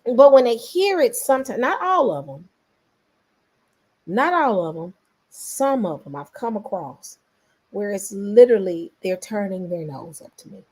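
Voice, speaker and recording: A woman's voice: medium pitch, measured pace, slightly rough. Southern woman chatting casually. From Memphis, Tennessee. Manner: animated, rambling, talks to viewers. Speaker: vlogger host. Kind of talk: casual commentary vlog.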